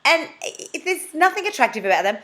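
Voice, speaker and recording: An Australian woman talking to camera in a comic confessional vlog, animated and jokey, now and then jumping into a squeaky high voice. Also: fast. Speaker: vlogger.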